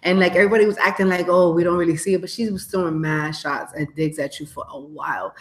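A woman's voice: on the low side, steady tone, quick pace, roomy sound. A woman co-hosting a podcast, talking in a blunt, slangy way with plenty of swearing. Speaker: podcast co-host. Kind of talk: casual chat.

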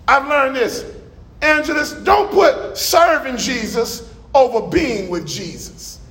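A middle-aged male pastor preaching a sermon in a church, emphatic and folksy, now and then shouting a stressed word. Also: extremely high pitch, lively intonation, takes it slowly, slight background noise. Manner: folksy asides to the congregation.

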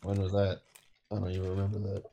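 A man with a low, dark, mellow voice drops dry, deadpan remarks as a returning guest in a casual podcast chat. His audio comes through dull and lo-fi. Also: fast.

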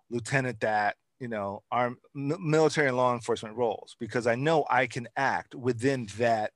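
A man's voice: medium pitch, fairly bright tone, no room sound, studio quality. A man hosting a casual conversation, talking in long, repetitive runs that pile up lists of examples. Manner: repetitive, builds points by listing items. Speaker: interview host.

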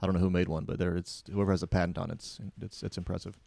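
Young man, lowish pitch, deadpan crude humor, halting delivery, dry close recording. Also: gravelly, no echo. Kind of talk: crude casual chat.

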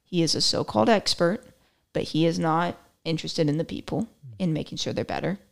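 A woman's voice: low-pitched, fairly quick, creaky. A young woman hosting a podcast, chatting casually and telling stories with a sarcastic edge. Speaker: podcast host. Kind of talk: casual chat.

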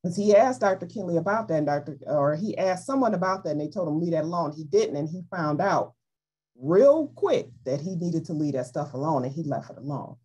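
A woman teaching from the Bible in a loose, conversational way. Her pitch swings widely as she makes her points, and her voice has a slight husk to it. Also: fairly quick, slightly rough, lo-fi sound. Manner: animated, playful, acts out voices in quotes. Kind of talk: informal Bible study teaching.

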